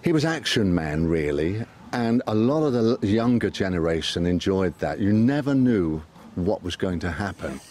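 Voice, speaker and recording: A man's voice: low-pitched, sing-song, moderate pace, noisy background. A man speaking in an interview in a reflective, conversational way. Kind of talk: interview commentary.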